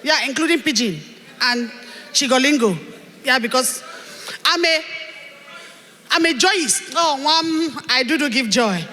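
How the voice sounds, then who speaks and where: A proud, sassy Nigerian market-woman persona, put on by a woman emcee, bragging in a comic broken-English drawl. The voice is high and bright. It rings out with the long echo of a large event hall. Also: lively intonation, unhurried, long pauses, a little hiss or hum, full character voice. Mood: boastful.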